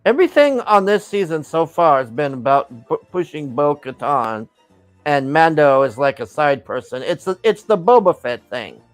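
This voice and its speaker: A man's voice: on the high side, sing-song, moderate pace, no echo, soft background music. A man chatting casually as host, laid-back and often stammering and restarting. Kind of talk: casual chat.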